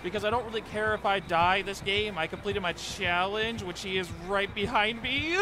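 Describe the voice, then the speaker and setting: A young man giving excitable live commentary over his gameplay, pleading with teammates and cheering at wins. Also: high-pitched, moderate pace, few pauses. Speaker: gaming YouTuber.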